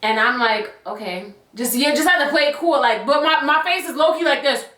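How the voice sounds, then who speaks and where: A young woman spins a casual storytime in a bright, ringing voice that sits a little high. Her delivery is chatty and animated, packed with slang and side comments. The room around her is echoey. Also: brisk. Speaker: YouTuber telling a story.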